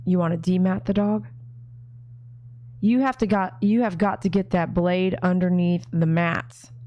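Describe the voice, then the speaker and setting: A woman's voice: lowish voice, steady tone, a little slow, mellow, lo-fi sound. A woman dog groomer hosting a casual live watch party, chatting with viewers and reading their comments aloud. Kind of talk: casual live-stream chat.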